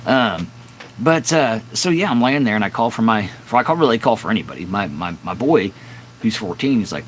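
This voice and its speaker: A man's voice: lowish voice, lively intonation, fairly quick, slight background noise, rough recording. A man in his fifties casually telling a long, candid story on a live stream from his garage, rambling with fillers and restarts. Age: 50s. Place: home garage with door open at dusk.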